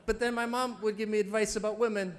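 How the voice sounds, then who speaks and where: A man's voice: high-pitched, flat delivery, fast talker, background noise. A man delivering a comedy roast at a charity banquet, chuckling through his jokes and teasing the guest of honor. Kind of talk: stand-up roast set. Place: banquet event before a live audience.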